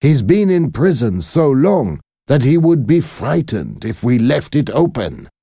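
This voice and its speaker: A man's voice: medium pitch, very animated, unhurried, gravelly, dark tone, no echo, studio quality, pitched above the performer's own voice, heavily acted. A man voicing a stern middle-aged male shopkeeper who talks in a raised, grim way.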